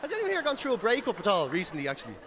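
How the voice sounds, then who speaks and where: Animated Irish man doing stand-up. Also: sits high, rapid-fire. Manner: animated, laughing, acting out quotes. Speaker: stand-up comedian. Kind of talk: stand-up routine. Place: comedy club with live audience. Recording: loud audience laughter, background noise.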